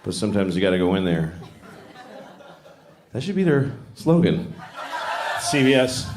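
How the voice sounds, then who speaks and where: A man's voice: on the low side, very animated, a little slow, long pauses, a little mellow, slight background noise. A man in his forties from Boston doing stand-up comedy in a rambling, conversational, self-mocking way on stage. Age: 40s. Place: stage of a large comedy venue. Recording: echoey live venue.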